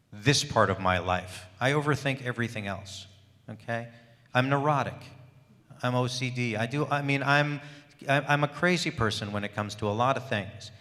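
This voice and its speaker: A man talks to a crowd at a convention panel, emphatic and fond of rhetorical questions. His tone is bright and forceful. A long reverb trails his words through the large hall. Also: mid-range voice. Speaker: voice actor panelist.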